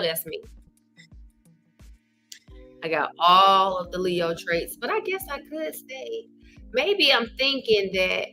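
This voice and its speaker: A woman from Arkansas hosting a casual livestream, chatting with viewers and reading their comments aloud in a folksy, animated way. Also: mid-range voice. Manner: animated, folksy, says y'all. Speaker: livestream host.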